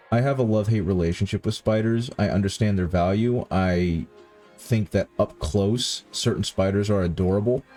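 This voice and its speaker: With a deep, mellow voice, a countryside-raised streamer talks casually with viewers as he paints miniatures. He sounds tired, rambling along and correcting himself.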